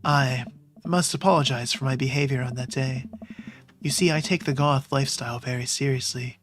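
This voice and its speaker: Man putting on a formal goth gentleman, pompous, overly polite, game voice. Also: medium pitch, steady tone, normal speed, background noise, lightly acted. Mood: courtly. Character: formal, courteous male goth gentleman dad. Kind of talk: video game voice acting, read aloud.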